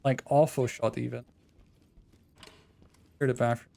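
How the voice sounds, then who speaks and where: A male streamer with a gravelly, fry-edged voice talks loosely to his chat while playing. He rambles and pokes fun at himself in a relaxed, offhand way. His pitch sits in an ordinary middle range for a man. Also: unhurried. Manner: self-deprecating, rambling, joking. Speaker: game streamer. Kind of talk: casual live-stream chat while gaming.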